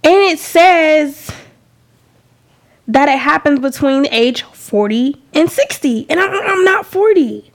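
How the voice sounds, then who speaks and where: A woman's voice: high-pitched, lively intonation, takes it slowly. A woman in her thirties co-hosting a podcast, talking bluntly and profanely and laughing often. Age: 30s. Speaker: podcast co-host. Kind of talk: casual chat.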